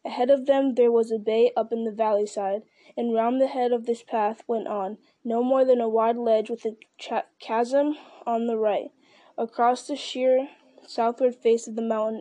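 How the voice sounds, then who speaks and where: A woman reading a fantasy novel aloud in a steady, measured voice, with the odd slip and restart. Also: a little high, dry recording. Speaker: audiobook reader. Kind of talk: storybook narration.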